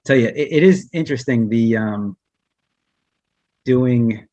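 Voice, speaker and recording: A man's voice: mid-range voice, unhurried, mellow, no echo, lo-fi sound. A man who works as a humane educator, giving a casual online presentation with slides, speaking conversationally with many restarts and fillers.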